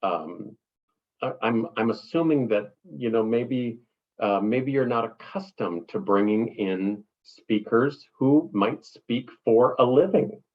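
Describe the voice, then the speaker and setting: A man's voice: medium pitch, slow, lo-fi sound. A middle-aged man, cohost of a business talk, teaching in an emphatic way and acting out client reactions. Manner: emphatic, repeats words for stress, acts out client voices. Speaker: cohost, speaking business coach.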